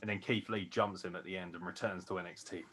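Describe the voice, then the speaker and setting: A tired man co-hosting a wrestling podcast, gushing excitedly and swearing a lot as he rambles. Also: low-pitched, quick pace, noisy background. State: tired from no sleep. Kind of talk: excited casual chat.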